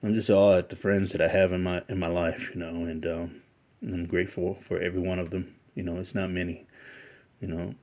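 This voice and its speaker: A middle-aged man unboxing a gift on his collecting vlog, emotional and halting, full of fillers and restarts. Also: sits low, level tone, a little mellow. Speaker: toy collector YouTuber.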